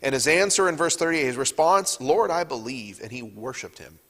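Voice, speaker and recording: A man's voice: a little high, lively intonation, a little fast, bright, forceful tone, in a large hall. Man teaching a Bible class. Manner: reads scripture aloud and asks the class questions. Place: church classroom.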